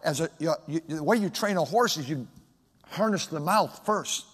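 High-voiced guy preaching, gets loud then goes real soft, big church reverb. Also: expressive, normal speed, slightly rough. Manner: swings from loud shouted emphasis to hushed, soft speech. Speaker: pastor. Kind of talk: sermon. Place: large church sanctuary. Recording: long hall reverb.

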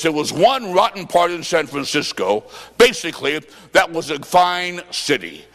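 A man from the American Midwest preaches a fervent revival sermon in a high, ringing voice, breaking into shouted bursts and telling stories through quoted back-and-forth dialogue. The long reverb of a large hall trails every phrase. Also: creaky.

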